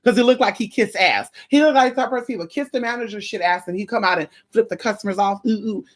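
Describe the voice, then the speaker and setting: Talking fast in a mid-range voice, a female vlogger tells her audience a juicy, gossipy story with plenty of attitude and unfiltered swearing. She performs it with dramatic, expressive flair.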